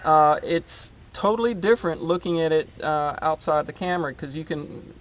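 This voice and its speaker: A man hosting his homestead channel, chatting casually outdoors in his garden and rambling with lots of fillers. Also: fairly high pitch. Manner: rambling, halting with many fillers.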